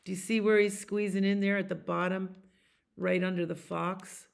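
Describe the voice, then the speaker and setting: A woman's voice: medium pitch, level tone, normal speed, gravelly. A woman reading a bedtime picture book aloud as a library storyteller, soothing and asking her listeners questions.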